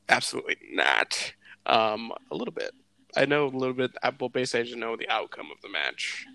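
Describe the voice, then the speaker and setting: A man's voice: mid-range voice, big pitch swings, brisk, vocal fry, sharp tone, dry recording. A young man co-hosting a podcast, teasing his friend in casual, jokey chat full of swearing. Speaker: podcast co-host.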